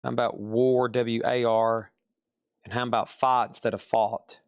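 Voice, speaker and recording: A man's voice: medium pitch, little pitch movement, measured pace, smooth, no echo, clean studio sound. A man with a Southern US accent hosting a live sales stream, chatty and repeating prices and buyer names.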